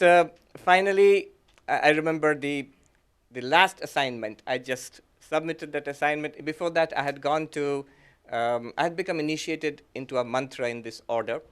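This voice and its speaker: A man, a monk, giving a reflective talk that mixes his own story with teaching, speaking gently with frequent fillers and soft laughs. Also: mid-range voice, clean tone. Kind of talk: reflective lecture with personal story.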